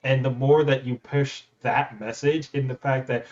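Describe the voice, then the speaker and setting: A man's voice: medium pitch, fairly even intonation, normal speed, few pauses, darkish tone, dull audio. A man on a debate panel arguing in casual talk, teasing and swearing freely.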